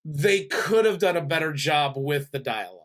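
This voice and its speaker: A man's voice: a little high, lively intonation, moderate pace, a bit bright. Easygoing man hosting a review show. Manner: easygoing, laughs often. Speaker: podcast host. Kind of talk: casual movie review chat.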